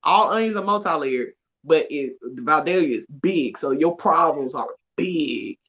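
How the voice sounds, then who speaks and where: Woman, podcast guest, expressive, laughs often, lively pitch. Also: unhurried, breathy edge. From Atlanta, USA. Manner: animated, expressive storytelling with frequent laughs. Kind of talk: casual conversation.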